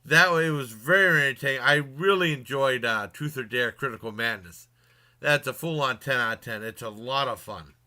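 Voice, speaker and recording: A man's voice: medium pitch, moderate pace, bright, forceful tone. A man casually retelling a movie's plot in a review, rambling with many fillers and restarts and chuckling along.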